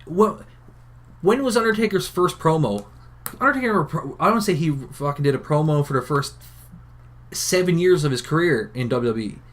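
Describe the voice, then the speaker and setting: A man's voice: on the high side, animated, a little fast, fairly bright tone. A man with a Newfoundland accent co-hosting a podcast, giving blunt, opinionated takes and swearing freely in casual chat. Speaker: podcast co-host.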